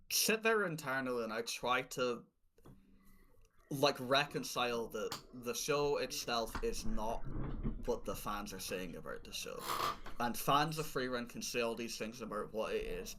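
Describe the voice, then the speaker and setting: A man's voice: mid-range voice, lively intonation, moderate pace, a bit bright, a little hiss or hum. A man co-hosting a podcast, rambling in exasperation and swearing freely in casual chat. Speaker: podcast co-host.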